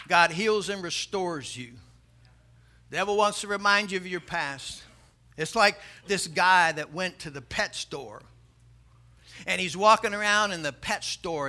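A man's voice: sits high, sharp tone. A man preaching a sermon emphatically, building his volume and telling jokes.

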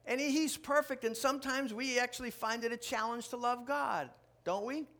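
A man preaching a sermon to a live congregation, joking and building to loud, animated outbursts. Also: very high voice, moderate pace. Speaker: pastor. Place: church before a live congregation.

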